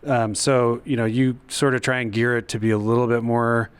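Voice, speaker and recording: Smooth-voiced man in a jokey interview. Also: medium pitch, level tone. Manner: laughs often, jokey and quick. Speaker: show co-creator and voice actor. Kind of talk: casual interview chat. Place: studio at a convention.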